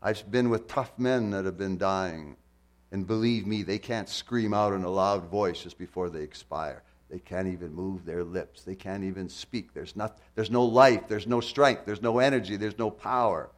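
This preacher has a deep voice and keeps to a normal speed. His sermon is impassioned, rising loud and dropping to a hush, packed with rhetorical questions and phrases said again and again for emphasis.

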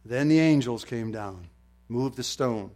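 An older man preaching a sermon, moving from quiet storytelling to loud, fervent exclamations. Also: medium pitch, measured pace. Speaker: pastor.

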